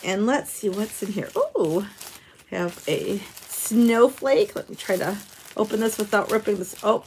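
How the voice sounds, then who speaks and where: A woman's voice: mid-range voice, measured pace, a little mellow, slight background noise. A woman hosting a craft channel, chatting casually to camera as she opens handmade cards and stickers, gushing and exclaiming often with little chuckles. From United States. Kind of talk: casual unboxing chat to camera.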